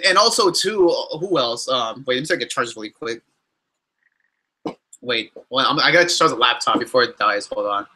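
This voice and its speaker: A young man hosting a casual question-and-answer vlog, talking in an animated, exasperated way with many restarts and fillers. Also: fairly high pitch, husky. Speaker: YouTuber answering fan questions.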